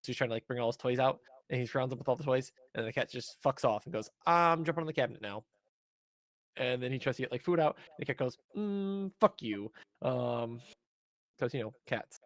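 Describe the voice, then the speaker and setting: A man's voice: mid-range voice, steady tone, fast, dry recording. Man recapping with lots of ums. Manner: rambling with many ums and uhs. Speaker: podcast co-host. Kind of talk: casual episode recap.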